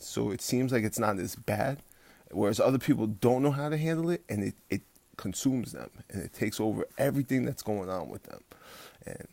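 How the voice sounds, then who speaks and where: A fitness coach talking bluntly and profanely from home at night, rambling with restarts and turning loud and heated as he rants. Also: mid-range voice, vocal fry, no room sound. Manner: gets loud and heated when ranting. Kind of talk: late-night livestream pep talk.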